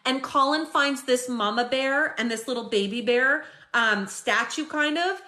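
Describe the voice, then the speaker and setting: Woman live-stream host, casual and chatty, bright and slightly high voice. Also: unhurried. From Canada. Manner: chatty, animated retelling with many fillers.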